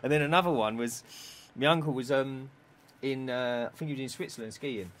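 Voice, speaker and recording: Brief: young male podcast co-host, quick and chatty, storyteller, faint hiss. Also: medium pitch, a bit bright. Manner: storytelling, laughs often, slangy. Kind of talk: casual chat.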